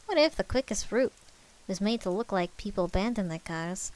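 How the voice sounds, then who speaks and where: A woman's voice: mid-range voice, lively intonation, moderate pace, a little mellow, close to an everyday voice. A woman voicing a joking adult male survivor with a put-on rat-like voice. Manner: rat accent.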